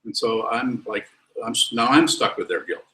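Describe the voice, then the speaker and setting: A man's voice: medium pitch, normal speed, sharp tone. Blunt, wry man teaching in an echoey hall. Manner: blunt, wry, lectures then lets students ask. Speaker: Buddhist teacher. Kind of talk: dharma talk with questions. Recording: roomy echo.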